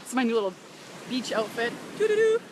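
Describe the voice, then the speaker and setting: A woman's voice: fairly high pitch, animated, moderate pace, a bit bright, a little hiss or hum. A woman live-streaming on a beach walk, talking casually and emotionally to her followers, often laughing and sighing and greeting viewers by name. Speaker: business coach broadcasting live to followers.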